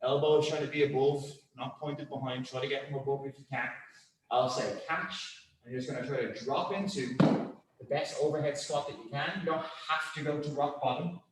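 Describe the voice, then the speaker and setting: A man's voice: on the high side, fairly even intonation, fairly quick, reverberant, a little hiss or hum. A man coaching a group weightlifting class, calling out positions and counting down holds with encouragement. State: out of breath. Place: gym.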